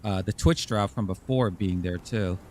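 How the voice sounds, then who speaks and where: A man's voice: sits low, normal speed, a little mellow, slight background noise. A man streaming a game as a VTuber, talking in a rambling, casual way and swearing freely. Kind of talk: casual gaming livestream chat.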